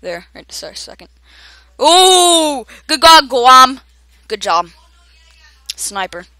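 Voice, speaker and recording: Excitable young woman shrieking over gameplay. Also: high voice, slow, no room sound. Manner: excitable, shrieks and shouts at other players; laughs often. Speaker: gamer. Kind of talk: gameplay commentary.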